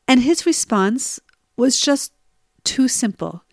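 A woman's voice: medium pitch, a little slow, no room sound, studio quality. A middle-aged woman telling a personal story in a conversational way, often asking listeners "right?" and laughing at herself. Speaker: storyteller sharing personal stories.

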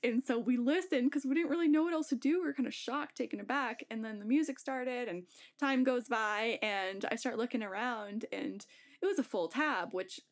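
A woman's voice: on the high side, normal speed. A young woman casually telling a story on a podcast, laughing often and acting out the voices she quotes.

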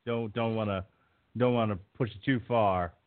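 A man's voice: lowish voice, fairly even intonation, moderate pace. Laughing man on tinny phone-like audio. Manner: joking, laughs often between remarks. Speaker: podcast host. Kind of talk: casual chat.

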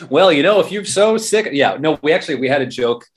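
A radio journalist and performer, appearing as an interview guest, talks fast in a slightly high voice with lively intonation. His casual conversation rambles, full of restarts and fillers.

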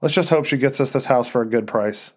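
A man's voice: medium pitch, brisk, husky, lightly acted. A man voicing a joking, cocky young husband who teases irreverently. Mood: teasing. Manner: teasing and irreverent.

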